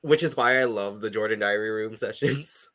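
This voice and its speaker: A man's voice: lowish voice, normal speed, fairly bright tone. A man co-hosting a podcast, chatting casually with lots of fillers and laughter. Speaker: podcast co-host. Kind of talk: casual chat.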